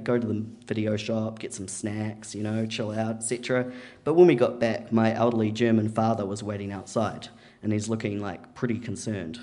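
A man's voice: fairly low pitch, mellow. A man telling a story at a live event, in a casual, chatty way with plenty of "like" and "you know". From New Zealand.

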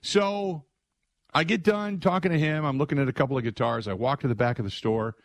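A middle-aged male sports radio host, telling a long rambling story full of asides in an excitable way. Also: on the high side, a little fast, no echo, studio quality. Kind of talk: animated storytelling monologue.

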